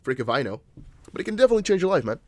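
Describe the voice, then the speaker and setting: This crypto livestream host is a young adult man whose English isn't his first language; his slightly high voice swings widely in pitch and races along. He chats casually, replying to comments with restarts and apologetic asides, and there's no room sound.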